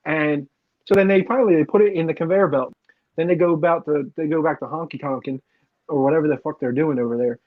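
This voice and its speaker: A man with a high, slightly husky voice co-hosts a casual chat. He tells stories in an animated way and laughs often. The recording sounds dull and lo-fi. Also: quick pace. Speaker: podcast co-host.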